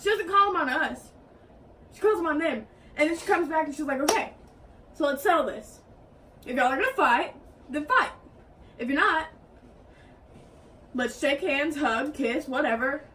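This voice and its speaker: Animated high-voiced young woman. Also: normal speed, long pauses. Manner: animated, acts out quotes in raised voices. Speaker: co-host. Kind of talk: casual storytelling. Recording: mic at a distance, faint background hiss.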